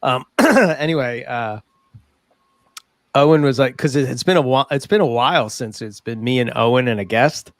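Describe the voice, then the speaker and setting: A man's voice: mid-range voice, moderate pace, dry recording, studio quality. A man hosting a podcast, chatting casually, hesitant with many fillers and easy laughter. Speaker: podcast host. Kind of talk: casual chat.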